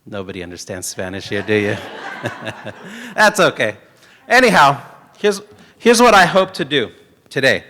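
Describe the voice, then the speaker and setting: A man's voice: mid-range voice, big pitch swings, moderate pace, sharp tone, in a large hall. A middle-aged man giving a conference keynote talk, a joking, rambling storyteller. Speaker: keynote speaker.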